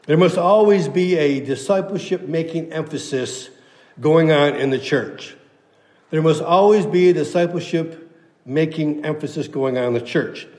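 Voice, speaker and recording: A man's voice: on the high side, a little slow, darkish tone, reverberant, big-room sound. A pastor preaching a sermon to his church, emphatic and repeating key phrases for weight.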